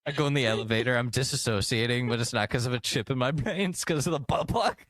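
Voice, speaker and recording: A man's voice: mid-range voice, fast, fairly bright tone, no room sound. A young man co-hosting a podcast, chatting casually and comedically, acting out voices and laughing often. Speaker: podcast co-host.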